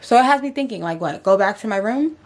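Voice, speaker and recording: A woman's voice: medium pitch, expressive, fast talker. A woman vlogging candidly to camera, slangy and emotional, talking herself through her doubts. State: tearful, voice breaking. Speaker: vlogger and podcast host. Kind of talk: candid confessional vlog.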